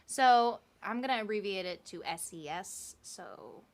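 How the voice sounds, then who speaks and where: A woman's voice: mid-range voice, lively intonation, slow. A woman co-hosting a podcast, telling a history story in a casual, chatty way with laughing asides. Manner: chatty, laughing asides and playful quoted voices.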